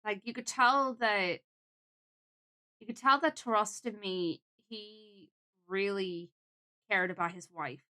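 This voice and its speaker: A woman's voice: medium pitch, fairly even intonation, takes it slowly, long pauses, pushed and bright. A young adult woman streaming a game, chatting in a casual, emotional, reflective way.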